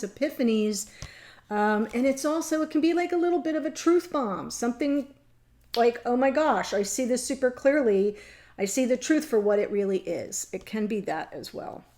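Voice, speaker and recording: A middle-aged woman with a fairly high voice reads tarot cards for her viewers in a loose, chatty way. She wanders off on tangents, laughs easily and gets emotional as she goes. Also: darkish tone. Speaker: tarot reader. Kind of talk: casual tarot reading to camera.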